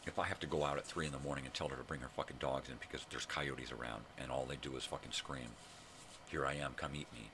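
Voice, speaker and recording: A man's voice: rumbling low, fairly even intonation, quick pace, hardly any pauses, background noise. An older man ranting casually and profanely to camera, exasperated and blunt. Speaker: vlogger.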